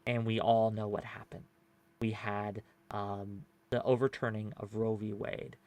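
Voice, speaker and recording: A low-leaning, level male voice, a little slow and a little mellow, belongs to a debate panel host. He argues his point casually and at length, with plenty of fillers, restarts and "right?" tags.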